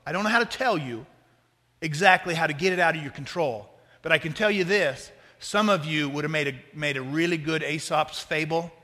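A man preaching a sermon as pastor, talking to the congregation in a conversational, joking way with lively asides. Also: fairly high pitch, brisk, in a large hall.

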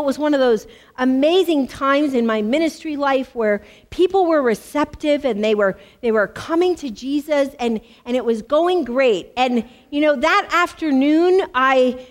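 A middle-aged American woman, a women's ministry speaker, preaching and telling a personal testimony with animated, emphatic repetition. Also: high-pitched. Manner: animated storytelling, emphatic repeats.

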